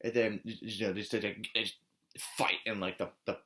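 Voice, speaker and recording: A young man rambling through a nostalgic monologue, swinging from mumbling to excited shouts. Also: lowish voice, a little slow. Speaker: video creator.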